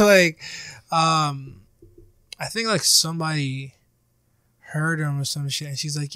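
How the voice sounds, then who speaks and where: A man's voice: fairly high pitch, little pitch movement, measured pace, long pauses, pushed and bright, no echo. A young man in casual chat, telling a story with plenty of swearing and laughter.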